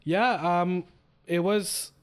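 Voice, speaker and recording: A man co-hosting a casual podcast chat, rambling in a relaxed way with many fillers. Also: high-pitched, very slow, clean tone. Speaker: podcast co-host.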